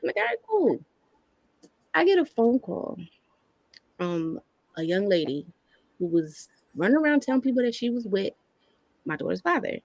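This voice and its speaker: A woman in her thirties tells her own story as a podcast guest and lives through the voices of the people in it. Her voice has a gravelly, fry-laced texture, and the recording is dry and close with no room sound. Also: medium pitch, moderate pace, pauses often, no echo, poor audio. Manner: candid, animated storytelling that acts out quoted lines. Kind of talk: personal storytelling in a podcast interview.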